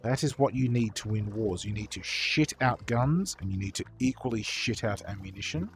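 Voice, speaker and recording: A man's voice: lowish voice, moderate pace, music in the background. A young man streaming while painting models, chatting casually with viewers in a rambling, profane way with lots of fillers.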